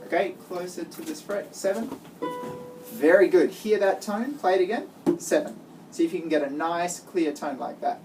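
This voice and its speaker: Encouraging woman guitar teacher with a low voice, miked from a distance, guitar heard clearly. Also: normal speed. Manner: encouraging, praising and giving step-by-step instructions. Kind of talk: one-on-one music lesson. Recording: distant mic with guitar playing.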